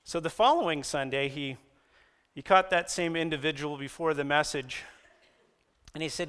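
A man delivering a sermon in a lively storytelling style, his voice sitting a little high. He jumps up in pitch when he quotes someone. A long reverb hangs behind him, as in a church hall. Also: normal speed, long pauses, clear, resonant tone. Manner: animated storytelling, raises pitch for quoted lines. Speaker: pastor.

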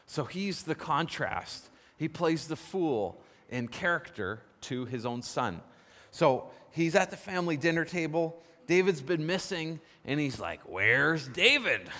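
A man preaching a sermon, telling a story with lively emphasis and posing questions to the congregation. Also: fairly high pitch, unhurried. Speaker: pastor. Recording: long reverb of a large hall.

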